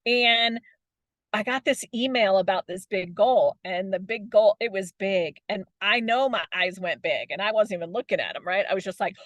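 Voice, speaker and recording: A woman's voice: mid-range voice, normal speed, a bit bright, no room sound. A middle-aged woman giving a motivational talk as a coach, chatty, laughing often and tagging her points with "right?".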